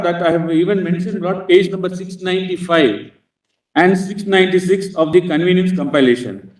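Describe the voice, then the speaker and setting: Indian male advocate in an echoey courtroom. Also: high-pitched. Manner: formal, addresses the bench as "my lord" constantly, halting with fillers. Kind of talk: formal courtroom argument. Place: large courtroom. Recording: roomy courtroom audio from a distance.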